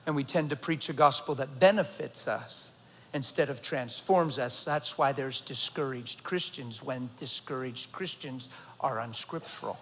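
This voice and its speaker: A middle-aged man preaching a sermon, swinging between loud emphasis and a low, intense near-whisper. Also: measured pace, slight background noise. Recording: long hall reverb.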